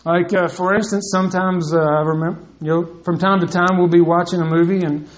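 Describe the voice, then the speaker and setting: A man's voice: high voice, steady tone, fairly quick, rough recording. A male preacher giving a conversational sermon, reading scripture and addressing the men directly, acting out quotes as he goes.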